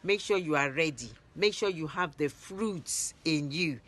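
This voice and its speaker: A woman narrating Bible stories in a lively retelling, raising her voice for the quoted lines. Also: low voice, unhurried. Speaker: Bible storyteller.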